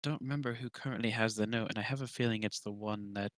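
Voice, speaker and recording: A man's voice: on the low side, fairly even intonation, fast, dry recording. A man playing a tabletop game, chatty and playful as he talks through his turn. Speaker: player. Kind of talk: casual tabletop play.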